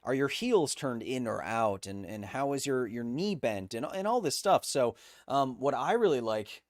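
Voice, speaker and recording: A man's voice: mid-range voice, expressive, moderate pace, no echo, studio quality. A man hosting a livestream, chatting casually and rambling with lots of fillers and restarts. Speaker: host.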